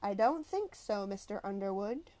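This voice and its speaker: A woman's voice: mid-range voice, expressive, normal speed, mellow, natural voice. Woman voicing a cold, menacing schoolteacher. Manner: clipped, cold commands. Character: stern, menacing female schoolteacher.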